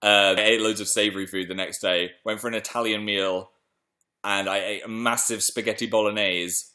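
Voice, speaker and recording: A young British man chatting excitedly on a live stream and reading viewer messages aloud. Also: fairly low pitch, normal speed. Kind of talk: casual live stream chat.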